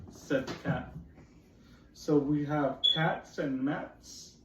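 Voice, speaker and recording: Patient man reading to kids, fairly high voice, recorded from a distance. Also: extremely slow. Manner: patient, explains rhymes and asks questions. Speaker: teacher reading to children. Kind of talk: read-aloud phonics lesson. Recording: roomy, distant, faint noise.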